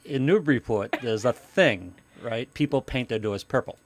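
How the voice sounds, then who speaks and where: A man's voice: medium pitch, expressive, moderate pace, a little hiss or hum. Easygoing man co-hosting a chat. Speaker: producer and co-host. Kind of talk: casual chat.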